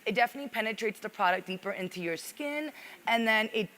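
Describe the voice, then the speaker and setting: A woman's voice: on the high side, lively intonation, fast talker, pushed and bright. A woman makeup artist on a live beauty panel who explains her routine earnestly and often addresses the audience as "you guys.". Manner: earnest, instructive, keeps saying "you guys". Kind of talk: casual panel talk. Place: live panel on a stage at a fashion event.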